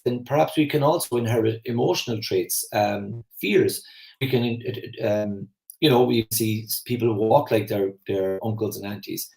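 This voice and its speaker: A man's voice: lowish voice, a little mellow, echoey room, rough recording. A man in his forties with an Irish Kerry accent, giving a rambling, anecdotal personal development talk. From Ireland. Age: 40s. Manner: rambling, anecdotal, conversational with fillers. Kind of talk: casual spoken talk.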